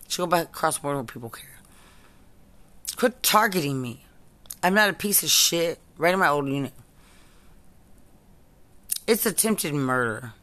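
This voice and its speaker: A woman's voice: low-pitched, animated, moderate pace, pauses often, fairly bright tone. A woman and military veteran delivering an angry, profane and repetitive ranting monologue.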